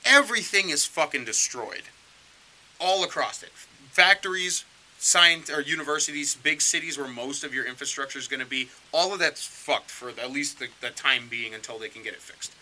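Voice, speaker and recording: Profane bright-voiced man telling history. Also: fairly high pitch, moderate pace, low-quality recording. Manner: profane, animated storytelling. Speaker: podcast co-host. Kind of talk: casual crude history podcast chat.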